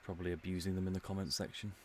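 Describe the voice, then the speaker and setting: Deep-voiced English man musing aloud. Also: little pitch movement, very fast, slight background noise. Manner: musing, rambling, dry humour. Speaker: streamer. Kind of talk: casual commentary while playing.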